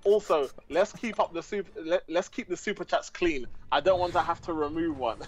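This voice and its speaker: Giggly man reading donations, higher voice. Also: normal speed. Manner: giggly, reads messages aloud between laughs. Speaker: guest co-commentator reading donations. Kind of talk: casual livestream chat.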